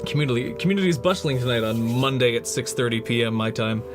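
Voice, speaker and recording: Playful, animated man chatting on a livestream. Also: medium pitch, quick pace. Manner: playful, joking, answering chat as he works. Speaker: streamer and prop maker. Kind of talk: casual livestream chat while painting. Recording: music playing under the voice. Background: background music.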